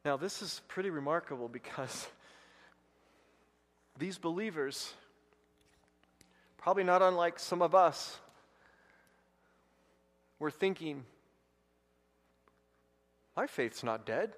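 Guy pastor giving a sermon, kinda high voice, long echoey church reverb. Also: slow pace, long pauses. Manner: storytelling, rising to loud excited outbursts.

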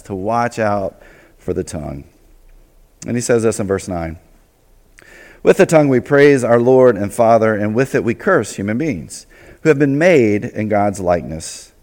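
A male pastor delivers a sermon in a chatty, animated style, slipping into playful asides along the way. His voice sits at an ordinary male pitch. It rings out with a long reverb, as if he is in a large church sanctuary. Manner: conversational, animated preaching with acted asides.

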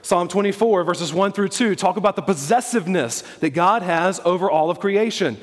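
A man's voice: high-pitched, normal speed, in a large hall. A man preaching a sermon as pastor, emphatic, repeating key phrases and asking the congregation questions.

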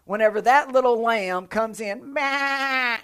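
A man in his thirties preaching a sermon in a lively, conversational way, with jokes and playful sound effects. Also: high voice, normal speed. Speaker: pastor.

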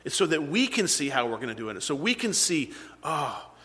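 A man's voice: on the high side, sing-song, quick pace, fairly bright tone. A man preaching as a pastor, explaining scripture in a conversational way and asking his listeners questions. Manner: conversational, asks the congregation questions. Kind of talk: sermon. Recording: long reverb in a hall.

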